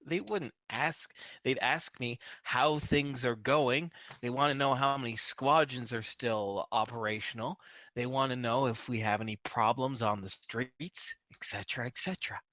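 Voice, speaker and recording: A man voicing a foul-mouthed, defiant criminal being interrogated, yelling insults. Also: normal speed, slight background noise, natural voice, rough recording. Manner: snarling, swearing, pitch leaps up when yelling.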